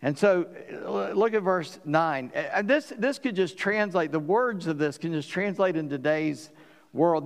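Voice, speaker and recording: A pastor preaching to his congregation, his voice sitting high for a man. He tells the story with animation and slips into the voices of the people in it. The sound carries a long reverb from a large hall. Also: expressive, measured pace, vocal fry. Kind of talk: sermon.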